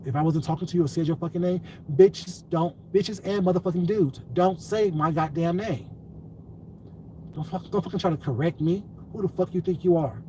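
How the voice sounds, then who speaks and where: Streaming live, a man lectures his chat on how to talk to people, blunt and repetitive, then curses angrily. He has a high, mellow voice at normal speed, picked up by a distant mic over faint ambient noise.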